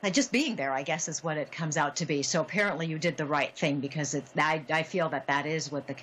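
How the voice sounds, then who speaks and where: A woman hosting a psychic medium call-in show, speaking gently and haltingly with many fillers and soft laughs. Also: low-pitched, slight background noise, low-quality recording. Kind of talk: call-in radio reading.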